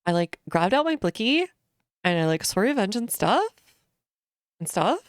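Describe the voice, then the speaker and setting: A woman's voice: mid-range voice, big pitch swings, normal speed, dry recording, voice pushed up, natural voice. A woman voicing a ditzy young valley-girl woman giving testimony in a game, filling every phrase with "like". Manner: airy, every phrase strung with "like".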